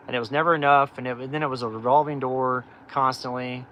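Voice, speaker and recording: A man's voice: mid-range voice, steady tone, fast talker, fairly bright tone, a little hiss or hum, rough recording. Middle-aged man telling candid rambling stories. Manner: rambling, candid, many fillers and restarts. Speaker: off-grid channel host. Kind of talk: casual livestream storytelling.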